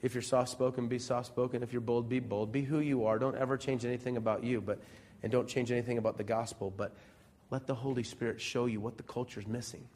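Male pastor from Central Illinois, mid-pitched, preaching in church. Chatty sermon with rhetorical questions and loud-soft swings. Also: steady tone, quick pace, few pauses, slight background noise.

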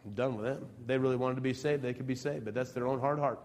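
A man from Central Illinois preaching a sermon in a church. He talks conversationally, asks his congregation a lot of rhetorical questions, and swings between loud emphasis and soft asides. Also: mid-range voice, steady tone, fast talker. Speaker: pastor.

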